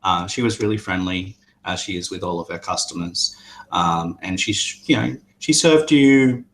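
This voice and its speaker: A man narrating a tabletop game as game master, hesitant and halting. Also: low-pitched. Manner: hesitant, many fillers and restarts.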